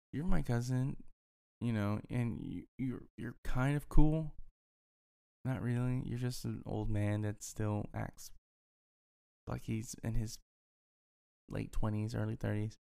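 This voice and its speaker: A man's voice: mid-range voice, takes it slowly, gravelly, pauses often, dark tone. A man in a casual, profane rant as an upset sports fan, talking heatedly and repeating himself. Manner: heated, profane, repetitive ranting.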